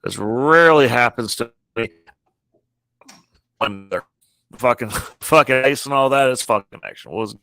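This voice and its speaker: A man hosting a casual chat over a video call from his phone, halting and restarting his sentences. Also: mid-range voice, gravelly, bright, forceful tone. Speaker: podcast host.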